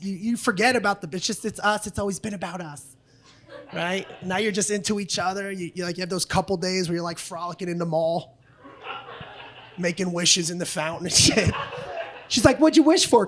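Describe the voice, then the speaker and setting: A man doing a stand-up comedy set on a club stage, loud and profane, acting out both sides of arguments. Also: high voice. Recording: live club recording with audience noise.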